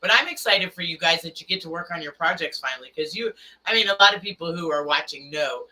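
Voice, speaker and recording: A man hosting a casual motorcycle talk show, enthusiastic and quick to act out quoted people. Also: fairly high pitch, animated, sharp tone. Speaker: host. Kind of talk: casual chat. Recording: somewhat distant from the mic.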